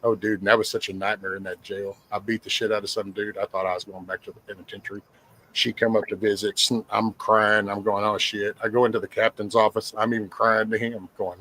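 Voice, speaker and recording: A man's voice: on the low side, steady tone, quick pace, fairly bright tone, slight background noise, poor audio. A middle-aged man, telling blunt, profane stories in casual podcast talk. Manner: rough-spoken, profane, plainspoken. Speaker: guest sharing life stories.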